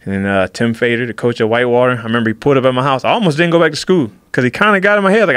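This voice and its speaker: A man recounting a personal story at a rapid clip, lively and animated as he acts out what others said to him. His voice is close and dry, with no room sound around it. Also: medium pitch, clean tone, dry recording. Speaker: podcast guest, fighter. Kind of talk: casual storytelling.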